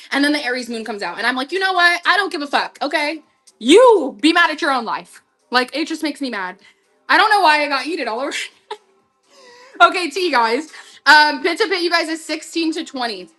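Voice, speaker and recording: A young woman selling vintage clothes on a live stream in casual, slang-heavy chat that swings from hushed asides to loud outbursts. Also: high-pitched.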